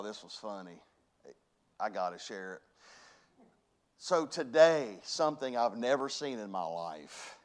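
A pastor preaching a folksy sermon, dropping to soft asides and then rising to near-shouts. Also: male voice, medium pitch.

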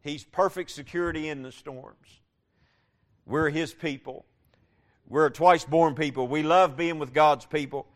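A man preaching a sermon, repeating key phrases and building from quiet passages to loud, emphatic ones. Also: a little high, fairly even intonation, measured pace.

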